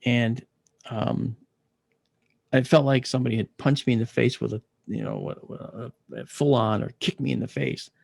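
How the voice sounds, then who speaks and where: A man telling a personal story as an interview guest, animated and acting out the voices of the people he quotes. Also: medium pitch, creaky, dry recording, clean studio sound. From United States.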